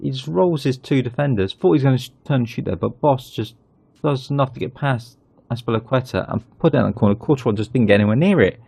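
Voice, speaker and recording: Male gaming host, gravelly and mellow, dry close sound, chatty commentary. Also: medium pitch, fast, dry recording. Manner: chatty, excitable when goals go in. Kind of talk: casual game commentary.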